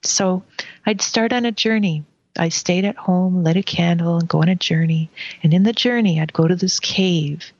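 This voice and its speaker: Woman, lower voice, calm reflective storyteller, dry close lo-fi recording. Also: moderate pace, no echo.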